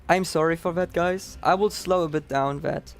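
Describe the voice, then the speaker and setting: A man's voice: fairly high pitch, steady tone, normal speed, gravelly, faint music behind. A man with a Dutch accent giving chatty, upbeat live commentary on his own speedrun, explaining as he plays.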